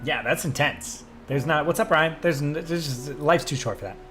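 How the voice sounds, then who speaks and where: Hosting a relaxed livestream, a young man whose voice sits slightly above the typical male range moves at a moderate pace. Quiet music underlies his wandering replies to comments, which are thick with fillers and restarts.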